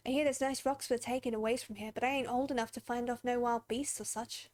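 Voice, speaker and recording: A woman's voice: a little high, fairly even intonation, fast, a little mellow, lightly acted. A woman voicing a poor rustic child in a video game, speaking in a folksy drawl. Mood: pleading. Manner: folksy drawl, plain-spoken.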